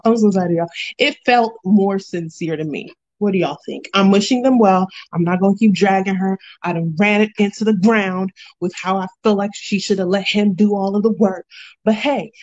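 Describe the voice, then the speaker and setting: A woman hosting a casual reality TV recap, animated and slangy, laughing often. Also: mid-range voice, highs cut off. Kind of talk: casual chat.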